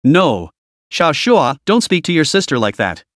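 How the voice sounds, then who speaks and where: A desperate young woman, tearful and frantic, pleading and shrieking at her brother in a storybook recap, as a male narrator puts her on. The voice leaps about lively and sits a little high, recorded dry and close. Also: a little slow, no echo. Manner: screaming, pleading, trembling.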